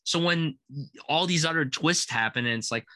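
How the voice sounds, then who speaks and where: Bright-voiced man gushing about films. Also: fairly high pitch, normal speed, no echo. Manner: enthusiastic, gushing, laughs often. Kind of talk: casual film chat. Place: home room.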